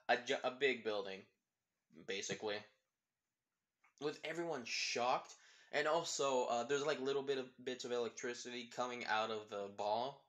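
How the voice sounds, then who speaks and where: A man's voice: medium pitch, bright, forceful tone. A man improvising a fan story aloud, rambling with many fillers and self-corrections.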